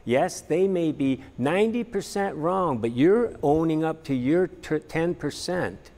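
A man's voice: on the high side, expressive, unhurried, darkish tone, big-room sound. A man teaching a practical church class in an earnest, plainspoken way, with frequent fillers. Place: church meeting room.

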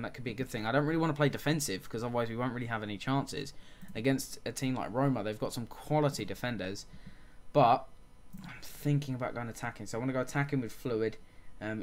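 A gaming channel host gives casual let's-play commentary on a football management game, calling the action play by play and muttering frustrated asides. His mid-range voice is fast, and there is slight background noise.

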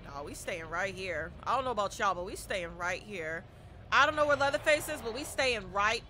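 A woman live-streaming a horror game, talking to her chat with loud, excitable, dramatic reactions. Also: medium pitch, moderate pace, a little hiss or hum. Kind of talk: live gameplay commentary with chat.

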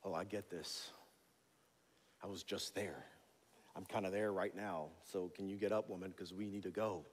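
A man's voice: deep voice, steady tone, normal speed, long pauses. A man voicing an impatient, desperate father who pleads and grumbles sarcastically, recorded with long church-hall reverb. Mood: weary, impatient.

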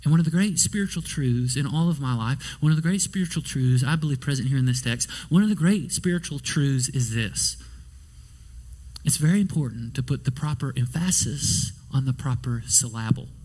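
Higher-voiced male pastor preaching. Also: expressive, fairly quick, a little mellow. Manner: storytelling preacher, rhetorical questions, whispers quoted lines. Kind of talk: sermon. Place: church sanctuary.

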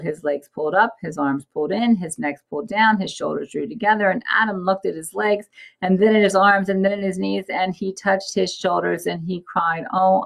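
A woman reading a Bible story aloud for families, expressive and measured. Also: lowish voice, gravelly, poor audio.

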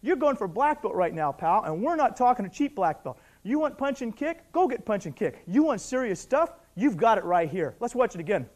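A man's voice: sits high, big pitch swings, brisk, few pauses, a little mellow. An older man teaching a martial arts technique, talking intensely and emphatically and barking short counts as moves are shown. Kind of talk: instructional commentary over technique footage.

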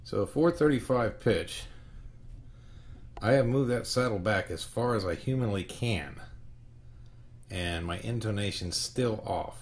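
Hosting a guitar tutorial from home, a man with a lowish voice sounds short of breath. He speaks slowly in halting phrases broken by pauses.

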